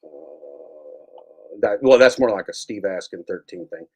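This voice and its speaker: Man, fairly low pitch, sarcastic, rambling, repetitive, screen-share commentary. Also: animated, slow pace, darkish tone, breathy edge. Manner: sarcastic, repeats phrases, mock-scolding asides. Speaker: YouTube broadcaster.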